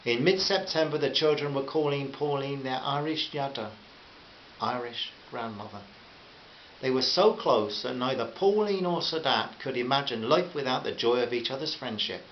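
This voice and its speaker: A man reading a short story aloud in a gentle, friendly way, addressing listeners as friends. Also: medium pitch, normal speed. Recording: muffled roomy recording with faint hiss.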